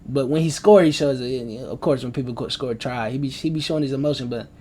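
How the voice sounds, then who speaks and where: A man's voice: mid-range voice, quick pace, darkish tone, slight background noise. Rambling young man with slang. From United States. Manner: loose, slangy, rambling and self-aware about rambling. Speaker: sports vlogger. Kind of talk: casual rambling sports predictions. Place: at home.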